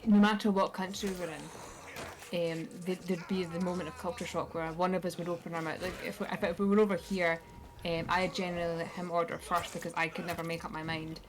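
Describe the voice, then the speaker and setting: A Scottish woman chatting casually on a live stream, telling animated stories. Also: fairly low pitch, brisk. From Scotland. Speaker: podcast guest. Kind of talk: casual chat. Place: live stream, home setup. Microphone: stream mic.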